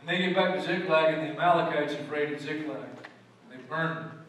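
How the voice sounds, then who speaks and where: Bright-voiced male pastor, echoey hall. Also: fairly high pitch, moderate pace. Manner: storytelling, emphatic, swings from loud to hushed. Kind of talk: sermon. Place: church sanctuary. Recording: echoey church hall from far off.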